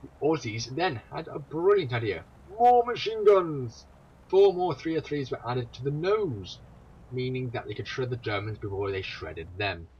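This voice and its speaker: A tired young man, a video creator, rambles through wartime history with plenty of swearing and exasperated asides. His voice sits at medium pitch with a breathy edge. The home recording is dull and lo-fi, with faint ambience.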